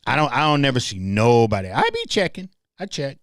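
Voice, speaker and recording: He's a passionate Southern host from Memphis, Tennessee, with a dry sound, doing livestream commentary aimed straight at his audience and repeating words. His mid-range voice is sing-song, brisk and a bit bright, with no echo.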